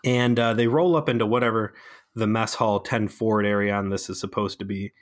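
A man co-hosting a casual comedic podcast, recapping a TV episode with sarcastic, animated storytelling and plenty of fillers. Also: fairly low pitch, fairly quick. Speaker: podcast co-host.

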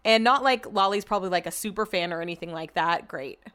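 A podcast host with a smooth, lowish voice talks fast, retelling a story in a chatty, casual way. Her animated delivery is full of free swearing.

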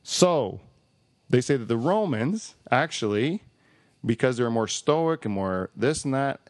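A man's voice: mid-range voice, lively intonation, a little slow, no room sound. A man hosting a podcast in a casual, jokey and rambling way, reading listener feedback aloud. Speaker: podcast host.

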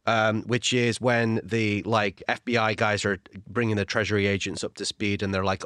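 A man's voice: lowish voice, steady tone, normal speed, hardly any pauses, fairly bright tone, dry recording. Dry-humoured Englishman, close mic. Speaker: podcast co-host, screenwriter. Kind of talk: casual film podcast chat.

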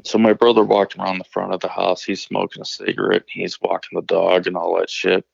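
Gravelly low-voiced man telling a story. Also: level tone, fairly quick, dry recording, dull audio. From Illinois. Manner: rambling, profane, many restarts. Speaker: caller telling stories. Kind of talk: casual storytelling.

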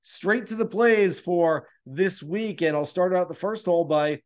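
A man with a voice that sits high speaks a little slowly while hosting a golf betting podcast. He walks through his picks in an easygoing, conversational style, frequently saying "uh."

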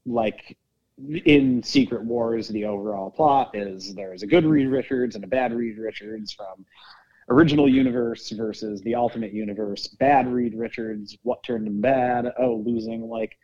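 A man's voice: medium pitch, lively intonation, moderate pace, highs cut off. A man co-hosting a podcast in casual chat, explaining his theories at length and thinking aloud. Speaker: podcast co-host.

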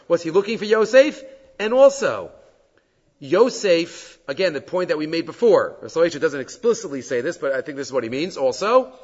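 Guy giving a torah class, kinda high voice, dull echoey hall sound. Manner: animated, questioning, sprinkled with Hebrew terms. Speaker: Torah teacher. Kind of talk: weekly Torah portion class. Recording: dull audio with long hall reverb.

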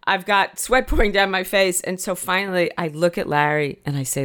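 A woman telling a comic story in casual chat, animated and salty, acting out the lines she quotes. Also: on the low side, brisk, few pauses, smooth. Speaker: guest storyteller.

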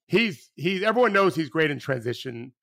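Rambling, animated man talking basketball. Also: on the high side, moderate pace, gravelly. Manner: animated, rambling, restarts often, swears casually. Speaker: podcast guest, former basketball coach. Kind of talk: casual podcast conversation.

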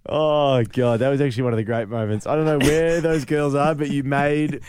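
A lively, excitable man co-hosting a radio show, often cutting in. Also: medium pitch, brisk, smooth, no echo, clean studio sound. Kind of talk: breakfast radio banter.

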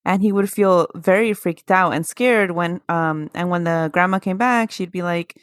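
A woman's voice: on the low side, moderate pace, few pauses, dry recording, studio quality. A woman co-hosting a casual spooky podcast, telling stories with laughter and acted-out voices. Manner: animated, laughs often, acts out quoted voices. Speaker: podcast co-host. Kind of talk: casual chat, storytelling.

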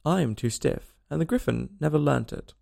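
A man's voice: fairly high pitch, lively intonation, normal speed, creaky, a little mellow, full character voice. A man voicing a weepy, sentimental male mock turtle who sighs and speaks plaintively. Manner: mournful, sighing, plaintive.

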